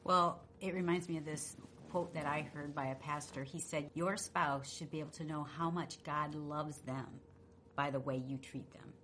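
A middle-aged woman co-hosting a radio talk show, telling a story in a feisty, expressive way. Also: low-pitched, normal speed, a little hiss or hum. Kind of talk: casual storytelling chat.

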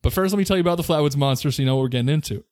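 Speaking very fast in a high, slightly mellow voice, this podcast co-host jokes his way through a casual story and laughs a lot. The sound is clean studio audio without echo.

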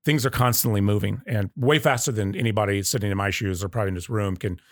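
A man's voice: on the low side, fast, no room sound, studio quality. A man in his fifties, a guest in a casual interview, telling stories with energy and acting out the voices of people he quotes. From Arizona. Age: 50s. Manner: animated storyteller who acts out quoted voices. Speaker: guest, coffee company owner.

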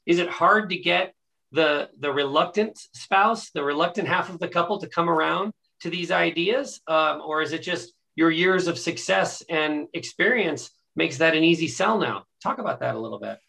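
Man, podcast host, bright forceful voice, enthusiastic, rambling questions. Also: a little high, moderate pace, gravelly, rough recording. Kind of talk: casual interview talk.

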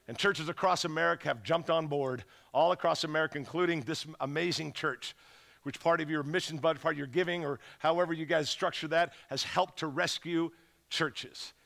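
High, gravelly, bright-voiced preacher man. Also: fairly quick. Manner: animated, acts out callers' voices. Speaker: guest pastor. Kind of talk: energetic fundraising sermon. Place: church sanctuary.

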